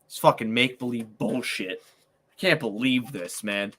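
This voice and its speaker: A man's voice: mid-range voice, moderate pace, bright, forceful tone. A man hosting a casual sports podcast, ranting angrily and swearing constantly. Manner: profane, angry ranting. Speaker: podcast host.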